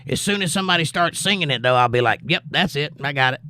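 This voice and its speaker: Bright-voiced man reading chat aloud. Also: on the high side, lively intonation, fast talker, no room sound, clean studio sound. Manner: chatty, reads comments and answers them warmly. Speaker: livestream host. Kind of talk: casual livestream chat, reading viewer comments aloud.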